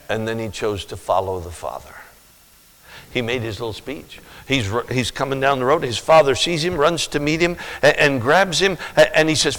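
A pastor preaching a sermon and telling stories, swinging from loud, emphatic lines to quiet asides. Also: male voice, mid-range voice, normal speed, in a large hall, poor audio. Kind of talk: sermon with storytelling.

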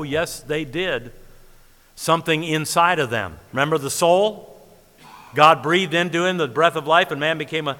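A man preaching with a bright, forceful, slightly higher voice. He is emphatic and animated and quotes scripture in old-fashioned English. His voice rings through a big hall with a long echo. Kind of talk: sermon.

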